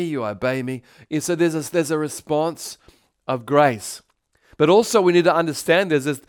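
A man preaching a sermon as pastor, animated, moving between loud calls for praise and quiet storytelling. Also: fairly high pitch. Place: church in Tokyo.

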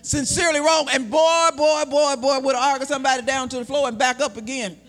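High, bright-voiced shouting preacher. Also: male voice, steady tone. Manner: shouting, drawn-out emphatic preaching with acted-out voices. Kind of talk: sermon.

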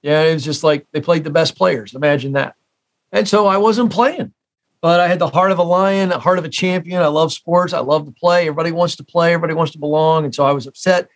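A man in his forties from the United States talks as an interview guest, emphatic and fond of repeating his key phrases. His voice sits a bit higher than most men's. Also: quick pace. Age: 40s. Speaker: guest, career expert. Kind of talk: interview storytelling.

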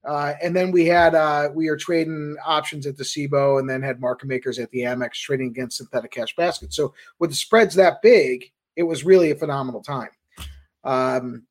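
A man, the founder of a trading firm, recounting his career in a casual, animated storytelling way as a podcast guest. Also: fairly high pitch. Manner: animated anecdotes, quick asides.

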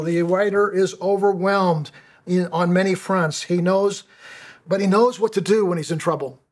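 A man's voice: sits high, steady tone, normal speed. A middle-aged man preaching a sermon as pastor, often stumbling and repeating words as he restarts his phrases.

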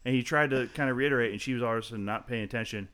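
A man spins a story from a gig gone wrong in a loose, casual podcast chat. His voice sits at a middling pitch. He acts out the other people in the story with quick changes of voice and swears freely along the way. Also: clear, resonant tone. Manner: animated, acts out quotes in shifting voices. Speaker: guest comedian.

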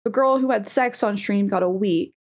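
A young adult woman co-hosting a podcast in casual chat, animated and giggly with sudden squeals. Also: medium pitch, moderate pace. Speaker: podcast co-host and streamer.

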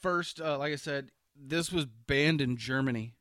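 A man's voice: medium pitch, unhurried, fairly bright tone, dry recording, studio quality. Rambling man in casual metal chat. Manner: rambling, restarts often, loose and profane. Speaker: podcast co-host.

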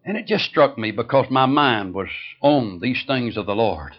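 A man's voice: medium pitch, animated, normal speed, highs cut off. A man preaching an emphatic sermon, telling a story and repeating points for stress.

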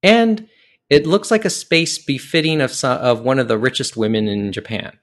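A man's voice: mid-range voice, moderate pace. Rambling male podcast host. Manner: rambling, with frequent fillers and restarts. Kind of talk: casual podcast chat.

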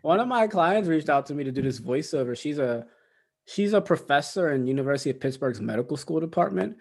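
A man's voice: fairly high pitch, expressive, brisk, vocal fry, husky. Laid-back man telling stories. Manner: storytelling, laughs often, acts out quotes. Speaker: podcast co-host and coach. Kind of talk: casual chat.

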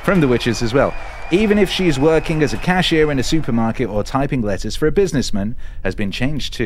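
A man hosting a stream, ranting sarcastically and swearing, now and then putting on squeaky mocking voices. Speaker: stream host. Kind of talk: casual ranting stream talk. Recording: loud music behind the voice.

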